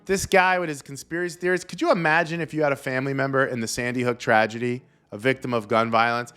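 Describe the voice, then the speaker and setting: A man's voice: mid-range voice, fairly bright tone, smooth. A man hosting a comedy show, riffing sarcastically on celebrity news. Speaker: host. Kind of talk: comedic pop-culture commentary.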